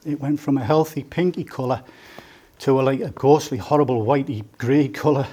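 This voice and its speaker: A man's voice: medium pitch, normal speed, warm tone, husky. A man, giving a joking, story-filled father of the bride speech at a wedding reception. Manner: joking, storytelling, teasing the groom. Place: indoor wedding reception room.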